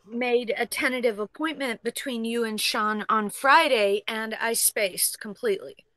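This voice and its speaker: A woman's voice: fairly high pitch, unhurried, pushed and bright, no room sound. A woman co-hosting a casual show, reading out tips with upbeat thanks and dry comebacks. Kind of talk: casual chat.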